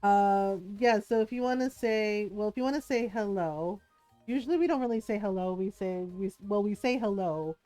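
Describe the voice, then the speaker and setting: A woman's voice: mid-range voice, moderate pace, mellow, no echo, soft background music. A woman game streamer chatting casually, telling a story with frequent giggles. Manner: giggly storytelling, laughs often. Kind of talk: casual chat while streaming.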